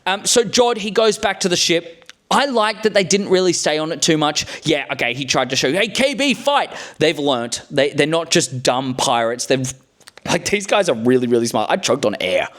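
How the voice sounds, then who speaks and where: A man's voice: fairly high pitch, normal speed, a bit bright. A man hosting a casual recap video, chatty and rambling, with blunt, cheeky asides and lots of restarts. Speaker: show recap host.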